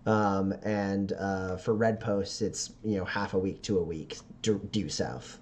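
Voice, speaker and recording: A man's voice: low voice, steady tone, measured pace, darkish tone, a little hiss or hum. A man narrating as game master of a tabletop game, casual and often laughing.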